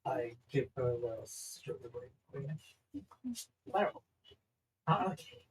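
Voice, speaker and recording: A man's voice: mid-range voice, expressive, slow pace, low-quality recording. A young man playing a tabletop game, rambling through descriptions with many fillers. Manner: rambling, full of likes and ums. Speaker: player. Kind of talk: casual tabletop game play.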